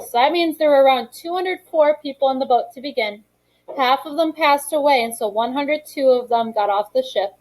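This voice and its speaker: A woman with a high voice teaches social studies in a classroom. She reads from the textbook, then chats it through with her students, calling on them and encouraging them, with plenty of easy fillers. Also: animated, moderate pace, a little mellow, low-quality recording. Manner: conversational and encouraging, calls on students, frequent fillers. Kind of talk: classroom lesson, reading from textbook and discussing. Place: school classroom.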